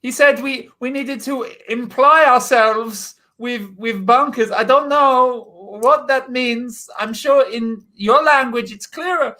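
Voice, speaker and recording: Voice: medium pitch, takes it slowly, few pauses, bright, forceful tone. An improviser playing a gushing, doting 1960s Swedish housewife in a comedy scene. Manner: gushing, sweetly agreeable.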